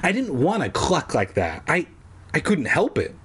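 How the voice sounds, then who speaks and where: A man reading aloud, voicing a nervous preteen boy who pleads and breaks into high chicken clucks. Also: huge pitch swings, moderate pace, fairly bright tone, slightly rough, exaggerated voice. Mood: pleading.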